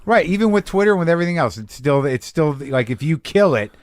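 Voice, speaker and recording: Male podcast host, casual rambler, a bit high-pitched, dry close mic. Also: animated, fast talker, dry recording. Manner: musing, rambling monologue with self-deprecating asides. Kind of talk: casual chat.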